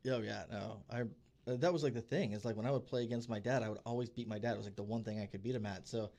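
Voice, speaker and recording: A man co-hosting a podcast, telling stories in a casual, animated way and acting out the people he quotes. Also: fairly low pitch, fast talker. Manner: animated storyteller who acts out quoted people. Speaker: podcast co-host. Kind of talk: casual chat, storytelling. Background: podcast studio.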